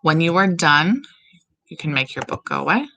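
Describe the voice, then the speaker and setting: A woman music teacher giving slow, step-by-step instructions in a recorded tutorial for her students. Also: low voice, animated, creaky, bright, forceful tone, rough recording.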